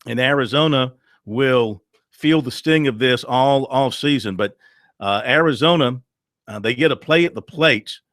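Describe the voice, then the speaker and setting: A male sports radio host talking in a conversational way, recapping plays and filling gaps with little pauses. His voice sits in a middle register and sounds close and dry, with no room around it. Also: medium pitch, a bit bright, no room sound.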